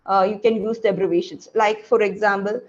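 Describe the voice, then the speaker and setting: A woman's voice: medium pitch, steady tone, fairly quick. Hesitant woman giving a dull lo-fi lesson. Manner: hesitant, many fillers and restarts. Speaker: student sharing exam tips. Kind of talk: informal spoken lesson. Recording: dull lo-fi recording.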